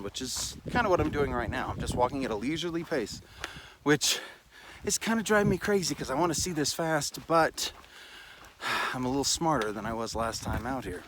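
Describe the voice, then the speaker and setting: A tired, out-of-breath man vlogs on a desert mountain trail, talking casually to a handheld camera as he walks. He rambles and puts himself down, swearing now and then. His voice is mid-range, over a noisy background.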